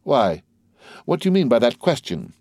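A man's voice: medium pitch, very animated, moderate pace, a little mellow, no echo, studio quality. A man reading aloud who voices a grave, stiffly dignified older father figure.

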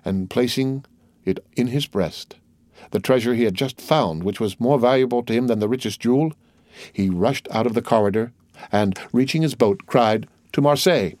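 A man narrating a classic novel in a measured, steady reading. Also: medium pitch, no echo. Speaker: audiobook narrator. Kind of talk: scripted narration.

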